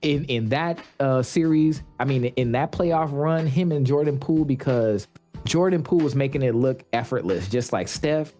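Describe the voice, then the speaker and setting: A man who is a podcast guest, chatting casually as an animated storyteller who mimics people's shouts. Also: mid-range voice, normal speed, faint music behind.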